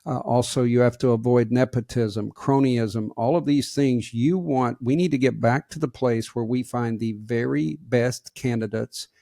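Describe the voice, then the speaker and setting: Folksy Southern-accented man, gravelly and dry. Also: medium pitch, normal speed, few pauses, mellow, no echo. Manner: folksy, plainspoken, preachy asides to leaders. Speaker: podcast co-host. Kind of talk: casual podcast talk.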